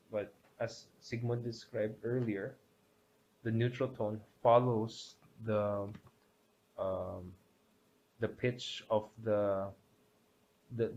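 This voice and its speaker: Slow, low-voiced man explaining grammar. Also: darkish tone. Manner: hesitant, many fillers and restarts. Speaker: language teacher. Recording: dull lo-fi sound with faint background hiss.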